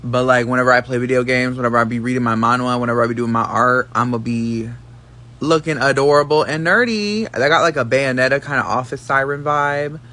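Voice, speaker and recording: A man's voice: medium pitch, a little fast, pushed and bright. A man giving a sassy, slangy monologue to camera, brash and full of profanity. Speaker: social media commentator.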